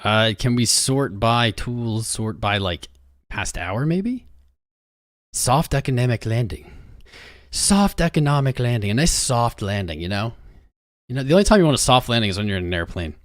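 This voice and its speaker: A man's voice: on the low side, sing-song, moderate pace, dry recording, studio quality. A young man hosting a crypto livestream, talking restlessly to his chat while he searches for something.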